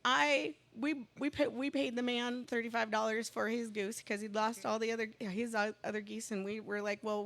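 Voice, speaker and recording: A woman chatting casually as a guest, telling a long rambling story and getting excited as it goes. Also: fairly high pitch. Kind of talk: casual chat.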